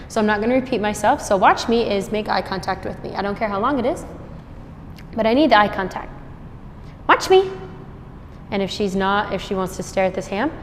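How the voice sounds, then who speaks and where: A woman dog trainer giving an instructional demonstration, explaining her steps and praising the puppy in a high, cheerful voice between explanations. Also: long reverb tail, slight background noise. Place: store, indoors.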